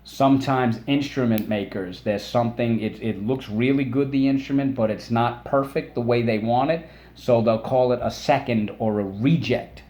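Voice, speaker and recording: A man teaching a phonics lesson for children, patient and encouraging, saying words aloud and pausing for the class to repeat them. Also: mid-range voice, dark tone. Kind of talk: phonics lesson with call-and-response drills.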